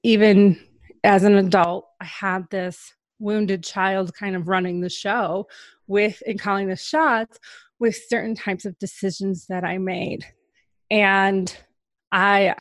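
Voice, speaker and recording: A woman's voice: medium pitch, no echo. A woman guest on a podcast, candidly telling a personal story in a reflective way, often hedging with small fillers.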